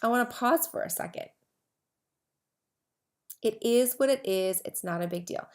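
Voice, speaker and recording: At a moderate pace, a fairly high-pitched woman rambles casually to camera as host of her herpes advocacy podcast, restarting often and drifting into asides.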